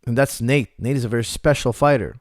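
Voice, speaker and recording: A man's voice: mid-range voice, fast, no room sound, studio quality. A man, an MMA coach, answering viewer questions in a casual live chat, repeating points for emphasis.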